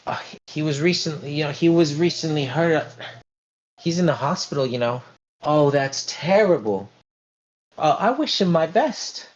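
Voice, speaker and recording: A man's voice: on the high side, lively intonation, normal speed, voice pushed up, close to an everyday voice. A man doing a fluttery, dramatic lady dancer. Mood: worried. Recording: dull lo-fi stream audio.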